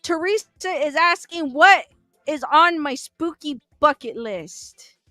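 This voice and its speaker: A woman's voice: sits high, expressive, takes it slowly, bright, forceful tone, no room sound, studio quality, soft background music. A woman hosting a livestream, answering viewer chat questions casually, chatty and thinking aloud with fillers and laughs. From Southern California. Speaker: livestream host reading chat.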